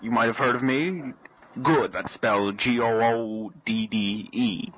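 A man voicing a nervous, stammering wealthy client in an amateur comedy radio play, hesitant with many pauses. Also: mid-range voice, a bit bright, close to an everyday voice. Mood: fretful. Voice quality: gravelly, hesitant with many uhs. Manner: stammering, fretful. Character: nervous wealthy male client, worried father. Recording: lo-fi with clear noise.

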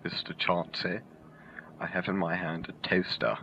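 A man voicing a menacing intruder in an amateur tape radio play, speaking slowly and quietly. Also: low voice, flat delivery, creaky, voice pushed down. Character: sinister male intruder, low and menacing. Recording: lo-fi home tape with hiss.

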